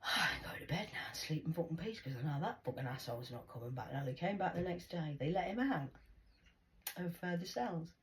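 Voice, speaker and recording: A woman's voice: low-pitched, expressive, fairly quick. A middle-aged woman with a Geordie accent, telling a rambling, sweary story in a casual monologue. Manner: rambling, sweary, jumping between voices.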